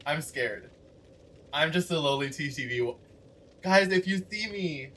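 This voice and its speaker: A man's voice: on the high side, measured pace. A man streaming a game, chatting playfully and greeting his viewers as he plays. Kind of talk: casual gaming livestream chat. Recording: steady background noise.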